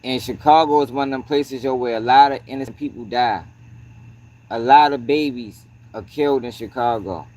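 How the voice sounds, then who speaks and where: At a normal pace and with a darkish, mid-range tone, a man hosting a livestream chats casually and swears freely. "Yo" peppers his speech, and he breaks off between points to greet chatters.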